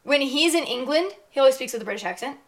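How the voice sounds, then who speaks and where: Chatty young woman, slightly high voice. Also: quick pace. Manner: chatty, lots of filler likes, animated outbursts. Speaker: podcast co-host. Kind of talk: casual chat.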